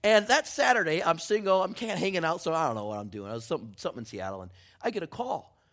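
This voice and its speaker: Man, pastor, sermon in church, storytelling, joking, hushed at the end. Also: a little high, big pitch swings, quick pace. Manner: storytelling, joking, then softening to a hushed close.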